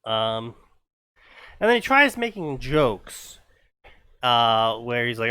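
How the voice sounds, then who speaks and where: A man's voice: medium pitch, expressive, moderate pace, bright, forceful tone, clear, resonant tone. A man hosting a podcast, casually commenting on fanfiction in a rambling way full of ums and restarts. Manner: rambling, many fillers and restarts. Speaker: podcast host.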